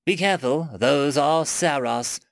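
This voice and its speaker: Man putting on a jittery male alien diplomat, stammering, high-strung, storybook reading, dry sound. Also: a little slow, vocal fry, dry recording. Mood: warning.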